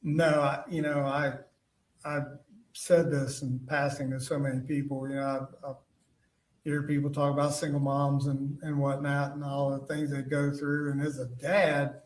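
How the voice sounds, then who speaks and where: A man gives testimony from the witness stand, stopping and restarting often. His voice sits at an ordinary middle pitch. It sounds like echoey courtroom audio caught from a distance. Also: little pitch movement. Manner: halting, with frequent fillers and restarts.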